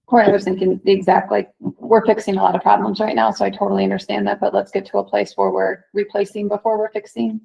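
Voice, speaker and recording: A woman board member commenting at a school board meeting, quick and agreeable as she pushes for planning ahead. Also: medium pitch, level tone, vocal fry, mellow, slightly rough, rough recording.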